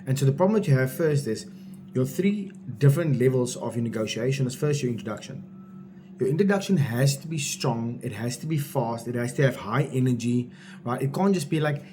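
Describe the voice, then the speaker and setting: A man's voice: mid-range voice, fairly quick, mellow, a little hiss or hum. A man coaching salespeople in a blunt, informal way, driving each point home with repetition. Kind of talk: direct-to-camera coaching talk.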